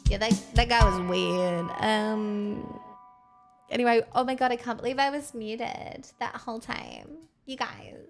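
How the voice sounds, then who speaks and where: Woman streamer, higher voice, bubbly and rambling, headset mic, faint music behind. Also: very animated, a little slow, creaky. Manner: bubbly, rambling, self-mocking. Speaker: livestreamer. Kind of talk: casual livestream chat.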